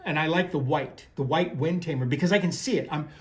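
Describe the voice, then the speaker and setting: A man's voice: fairly high pitch, a little fast. A man talking casually about fishing and telling stories as a former guide, rambling with restarts and folksy phrasing. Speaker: fishing guide and tackle presenter. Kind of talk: casual talk on crappie fishing.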